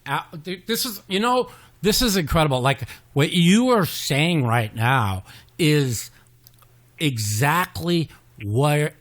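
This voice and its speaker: A man's voice: fairly high pitch, animated, takes it slowly, fairly bright tone. Earnest male podcast host. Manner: earnest, personal, emphatic. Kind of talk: casual interview conversation.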